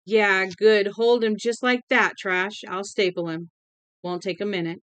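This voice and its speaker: A man's voice: high voice, steady tone, unhurried, fairly bright tone, clear, resonant tone, dry recording. A woman voicing a man who speaks in an offhand, businesslike way about a grim job. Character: casual male executioner, offhand.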